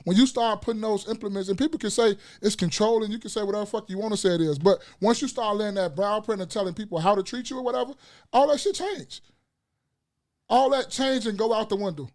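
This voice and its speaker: A man's voice: sits high, fast, a little mellow. A middle-aged man as a podcast guest in casual chat, blunt and profane, telling stories animatedly.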